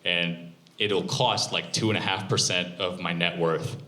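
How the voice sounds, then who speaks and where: A man in his twenties performing a live stand-up set, animated and profane, mocking himself. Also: low-pitched, a little slow. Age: 20s. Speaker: stand-up comedian. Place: comedy club stage. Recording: roomy comedy club.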